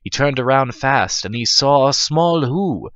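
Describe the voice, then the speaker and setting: Slow, bright-voiced man reading a rhyming story. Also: mid-range voice, animated, slight background noise. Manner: profane, stumbling, laughing at himself. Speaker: reader. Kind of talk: comedic parody read-aloud. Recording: dull lo-fi dry recording.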